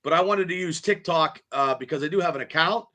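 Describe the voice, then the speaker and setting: A man's voice: on the high side, quick pace, sharp tone. A man hosting a podcast in casual chat, rambling and stammering as he repeats words. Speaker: podcast host.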